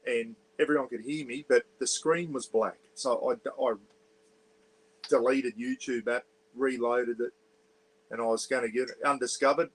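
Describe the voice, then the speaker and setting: A man's voice: medium pitch, fairly even intonation, normal speed, rough recording. An Australian man hosting a casual livestream from a caravan on an iPad, chatting loosely, greeting viewers and reading their comments aloud while keeping his voice down. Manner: keeps voice down for neighbours. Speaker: livestream host. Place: small caravan, indoors.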